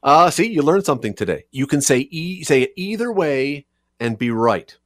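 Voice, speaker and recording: A man's voice: on the high side, big pitch swings, normal speed, fairly bright tone, dry recording. Man, radio host, chatty and joking, dry close mic. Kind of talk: talk radio interview.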